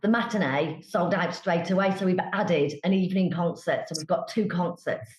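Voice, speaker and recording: A woman, a brass band member calmly explaining plans as a podcast guest. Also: fairly low pitch, normal speed. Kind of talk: casual chat. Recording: roomy dull-sounding mic.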